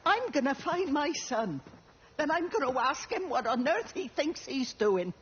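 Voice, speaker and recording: A woman's voice: high voice, big pitch swings, unhurried, lo-fi sound, slight background noise. A stern older village woman. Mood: firm. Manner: scolding, firm. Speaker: game character. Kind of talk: video game voice acting.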